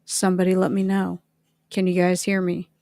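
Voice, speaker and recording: A woman's voice: on the low side, monotone, moderate pace, vocal fry, warm tone, dry recording. A woman hosting a casual livestream, chatting and greeting viewers by name. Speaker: livestream host.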